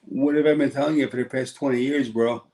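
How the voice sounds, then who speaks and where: A man's voice: mid-range voice, steady tone, fast, darkish tone, low-quality recording. A man with a New York accent co-hosting a podcast, musing in casual chat. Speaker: podcast co-host.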